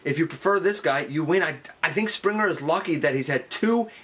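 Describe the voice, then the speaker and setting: A man giving a casual product review, talking it through conversationally and jumping up in pitch on the words he stresses. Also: lively intonation, fairly quick, a bit bright. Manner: conversational, weighing pros and cons, pitch jumping up on emphasis. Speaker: toy reviewer.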